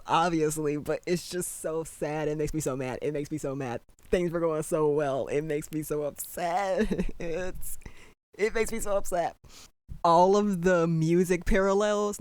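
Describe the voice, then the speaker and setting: A reaction commentator at home at night, talking in animated, disbelieving exclamations while trying to keep the voice down. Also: medium pitch, clear, resonant tone, dry recording. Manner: holding the voice down at night. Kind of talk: excited first-watch reaction commentary.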